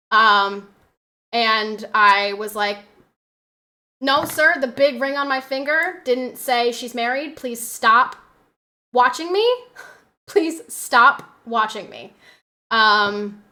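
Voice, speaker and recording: A woman streamer chats from her home setup, her voice pitched a little high and very bright. She rambles through stories with plenty of fillers and some swearing. Her tone stays sharp and forward throughout. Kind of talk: casual livestream chat.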